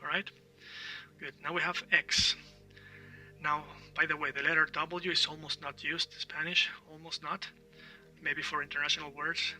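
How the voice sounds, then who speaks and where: Bright-voiced man teaching a lesson. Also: on the high side, level tone, moderate pace, pauses often, distant mic, faint music behind. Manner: explanatory, repeats words for drill, frequent "all right?". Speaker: language teacher. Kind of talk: online language lesson.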